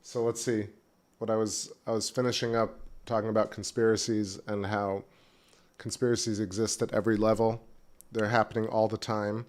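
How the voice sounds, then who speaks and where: A man's voice: fairly low pitch, level tone, normal speed. A man hosting a casual livestream, rambling and chatty, talking while eating. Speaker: livestream host. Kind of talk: casual live-stream chat. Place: back porch at home, outdoors.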